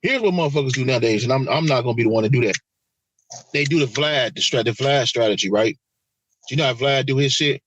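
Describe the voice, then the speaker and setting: A man co-hosting a casual podcast chat, talking in an animated, profane way and acting out quotes. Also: mid-range voice, fast talker, a little hiss or hum, low-quality recording. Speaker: podcast co-host.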